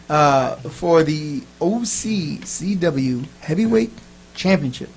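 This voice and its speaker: A man hosting a wrestling preview panel, briskly moving the talk along. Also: a little high, animated, vocal fry, slight background noise, poor audio. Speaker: panel host.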